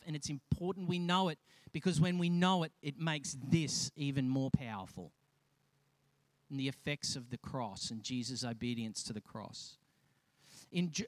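A man preaching a sermon, animated and acting out the voices of the people in his stories, with frequent restarts. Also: fairly high pitch, no echo. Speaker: pastor.

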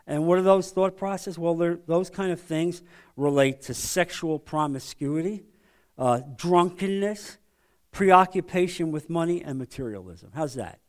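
A man with a fairly high speaking voice leads a men's Bible study. He teaches conversationally, often checking in with the group with quick rhetorical questions.

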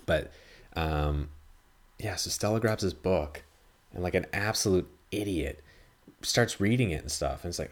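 Speaking a little slowly with long pauses, a low-voiced man hosts a podcast where he reviews a film. The chat is casual and rambling, full of free swearing and acted-out dialogue.

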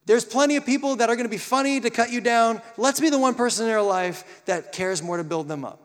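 Male youth preacher, high voice, lively delivery, echoing hall. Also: quick pace. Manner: animated, acts out quoted voices. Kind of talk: sermon. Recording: long hall reverb.

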